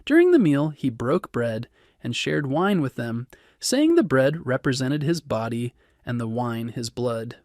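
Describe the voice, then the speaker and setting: A man narrating a bedtime history story in a calm, soothing, scripted way. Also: mid-range voice, a little slow, no room sound, studio quality.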